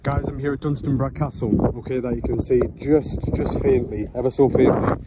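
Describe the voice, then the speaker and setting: A man talking into his phone camera outdoors at night, breathless, excited and rambling. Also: mid-range voice, fairly quick. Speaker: landscape photographer vlogger. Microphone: phone camera held by hand. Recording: heavy wind noise on phone mic. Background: loud wind.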